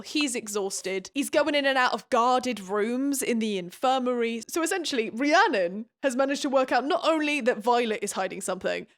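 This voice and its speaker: Sarcastic young British woman, high voice. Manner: sarcastic, fast asides, laughs often. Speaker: book recap host. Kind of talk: casual book recap vlog.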